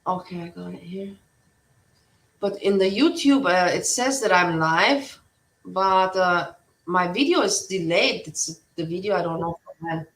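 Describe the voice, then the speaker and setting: A woman's voice: fairly low pitch, unhurried, a bit bright, roomy sound, recorded from a distance, rough recording. A woman hosting a casual livestream chat, rambling and blunt, swearing freely. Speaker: livestream host.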